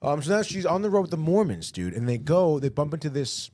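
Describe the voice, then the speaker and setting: Talking fairly quickly in a fairly high voice, a podcast host casually goes through a TV episode, acting out characters' lines in passing and swearing a lot. His animated storytelling comes through in a dry, clean studio recording.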